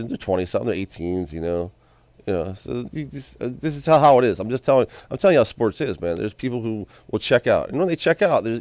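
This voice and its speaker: A man talking in a rambling, excitable monologue, repeating and restarting his phrases and now and then bursting into loud yells. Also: on the low side, no echo. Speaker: video host.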